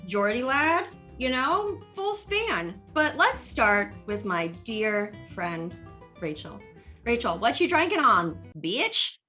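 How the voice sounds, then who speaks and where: A woman's voice: on the high side, big pitch swings, takes it slowly, sharp tone, faint music behind. A woman hosting a comedic drinking chat show over a video call, teasing and bawdy with her guests. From United States. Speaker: host.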